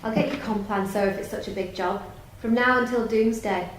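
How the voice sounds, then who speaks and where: A woman playing a bitter, sarcastic middle-aged daughter who speaks in a scornful, sharp-tongued, resentful way, in a theatre studio. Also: a little high, brisk, reverberant, slight background noise, natural voice, rough recording.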